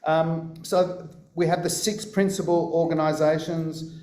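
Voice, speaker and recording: Mellow-voiced Australian man in a roomy hall. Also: fairly high pitch, flat delivery, measured pace. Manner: wry, anecdotal, hesitant with many fillers. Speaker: speaker at a political conference. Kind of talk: live conference talk.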